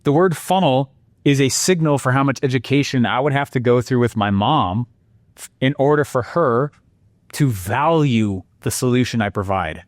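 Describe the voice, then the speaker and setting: A man presenting a marketing lesson with energetic, animated storytelling and exclamations. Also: medium pitch, moderate pace, no room sound.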